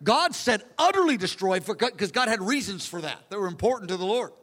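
A man with a high, bright voice preaches animatedly, slipping into casual asides. His voice carries through a large hall with a long reverb tail. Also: a little fast. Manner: animated, acts out the characters, conversational asides. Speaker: pastor. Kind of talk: sermon.

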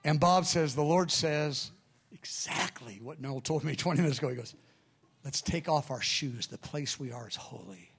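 A man's voice: on the high side, moderate pace, gravelly, slightly rough. A middle-aged man preaching a sermon, telling a story with acted-out dialogue. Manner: animated storyteller, acts out quoted dialogue.

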